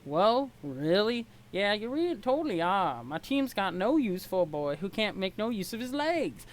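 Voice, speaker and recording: A reader voicing a brash, mocking cowboy troll in a deliberately bad put-on Southern accent, drawling and stumbling over words. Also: medium pitch, sing-song, close to an everyday voice. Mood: taunting. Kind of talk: reading a webcomic aloud with voices.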